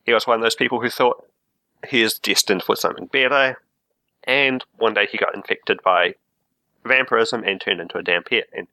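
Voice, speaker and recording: Brief: man, tabletop game player, lowish voice with bright tone, dry close sound, relaxed. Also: moderate pace, dry recording, low-quality recording. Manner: relaxed, explains backstory at length. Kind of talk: casual tabletop game talk.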